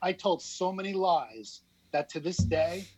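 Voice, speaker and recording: A man's voice: high-pitched, lively intonation, a little slow, darkish tone, husky, dry recording. A man in his fifties with a New Jersey accent, a podcast guest telling his life story candidly, with self-deprecating laughs. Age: 50s. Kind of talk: casual storytelling.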